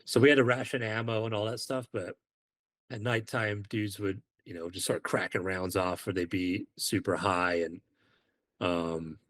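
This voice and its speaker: A former Marine from the United Kingdom tells stories casually on a podcast, his voice sitting on the low side at a normal speed. He's animated and acts out the quoted dialogue as he goes.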